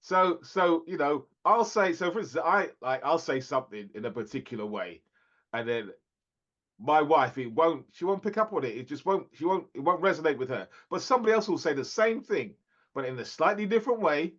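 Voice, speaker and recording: A man's voice: fairly high pitch, lively intonation, brisk, fairly bright tone, highs cut off. A man co-hosting a podcast in casual chat, laughing often and restarting his sentences. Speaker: podcast co-host.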